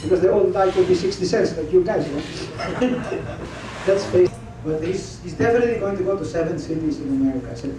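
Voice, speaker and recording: A man's voice: sits high, fairly quick, crowd noise. A Filipino man, a newspaper columnist, rambling through anecdotes at a press gathering, chuckling and slipping into Tagalog. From Philippines. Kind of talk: informal press conference remarks. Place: press club gathering room. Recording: echoey, distant mic, noisy room.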